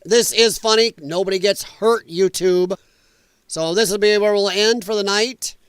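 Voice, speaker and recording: Guy ranting on his political show, kinda high voice, cusses a lot, dry close mic. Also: fairly even intonation, measured pace, a bit bright, clean tone, no room sound. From United States. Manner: blunt, indignant, swears freely. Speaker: political podcast host. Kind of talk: opinionated livestream commentary.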